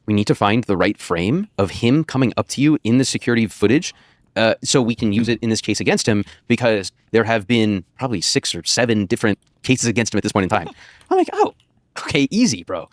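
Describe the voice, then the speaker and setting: A man's voice: medium pitch, no echo. An American man, a podcast guest, telling a rambling anecdote with laughter and swearing. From United States. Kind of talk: casual storytelling on a podcast.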